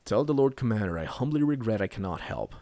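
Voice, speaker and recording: A man's voice: on the low side, expressive, dark tone, no room sound, studio quality. A man voicing a stern young lord at war, speaking formally and firmly. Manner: formal, measured refusal.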